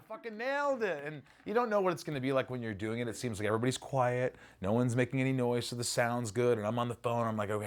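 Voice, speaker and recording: A middle-aged man reminisces in a relaxed interview, his voice sitting a little low. He tells stories with energy, swears freely and bursts into acted-out lines. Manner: animated storyteller, swears freely, acts out lines. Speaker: actor interviewee.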